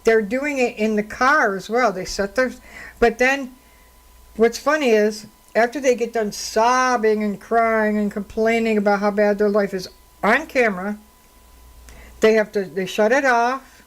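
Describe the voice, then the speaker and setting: Here a radio host and counselor speaks solo into a studio microphone, her fairly high voice moving a little slowly through a low-quality recording. Her talk-radio commentary takes the form of indignant, conversational stories.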